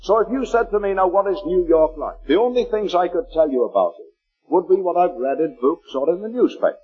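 High husky preacher with a Liverpool accent. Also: male voice, animated, highs cut off. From Liverpool, England. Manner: slows to read scripture aloud, fervent. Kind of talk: sermon.

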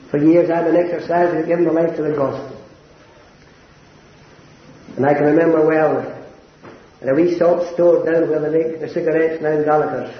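Elderly preacher, high and earnest. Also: male voice. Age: older. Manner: earnest, climbs to high impassioned emphasis. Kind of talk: sermon. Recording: roomy, dull lo-fi sermon recording.

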